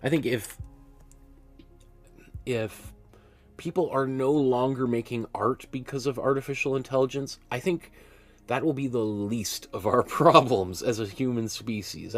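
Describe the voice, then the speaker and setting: A man hosting a live painting class from his studio, talking in a chatty, rambling way and often laughing at himself. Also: medium pitch. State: hiccups. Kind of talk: casual live-stream teaching. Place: art studio.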